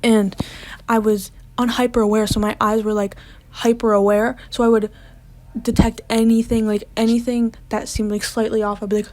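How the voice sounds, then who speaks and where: A young woman vlogger tells a personal storytime, chatty and casual, with plenty of "like" fillers. When she relives moments of panic, she drops to a whisper. Her voice is a little high and a bit mellow, with a level tone and normal speed, in a dry recording.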